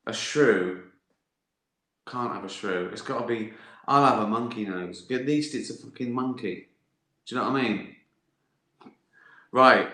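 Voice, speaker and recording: A man's voice: medium pitch, measured pace, long pauses, bright, forceful tone. A man hosting a live stream, answering viewer questions in a sweary, laughing, comic monologue. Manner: sweary, laughing, riffing on absurd ideas. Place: indoor room, live stream. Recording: roomy echo.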